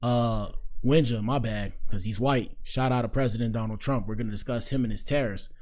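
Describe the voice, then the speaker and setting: A man's voice: mid-range voice, fairly quick. A young man hosting a casual live-stream show, talking in loose slang and reacting aloud to clips and his screen. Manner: slangy, animated, talks back to the screen. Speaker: show host.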